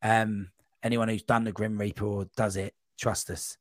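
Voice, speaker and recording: A man guest on a podcast, telling a long, rambling running anecdote in a casual, animated way. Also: fairly low pitch, moderate pace, no room sound. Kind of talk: casual storytelling.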